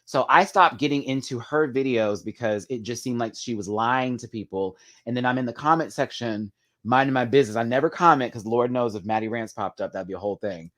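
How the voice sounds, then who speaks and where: It's a livestream host, a man chatting with viewers at a brisk clip in a gossipy, casual way. He addresses them as "girl" and "y'all," and his pitch and volume jump suddenly and dramatically.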